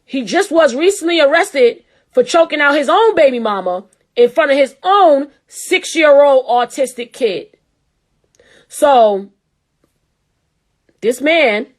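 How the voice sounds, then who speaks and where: Heated, profane New woman host. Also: sits high. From New York. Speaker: show host. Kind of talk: ranting commentary.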